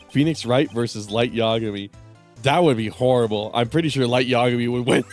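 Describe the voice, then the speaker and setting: A man's voice: mid-range voice, a little fast, soft background music. A man streaming a game, talking in a casual, crude way and laughing often. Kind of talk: let's-play commentary.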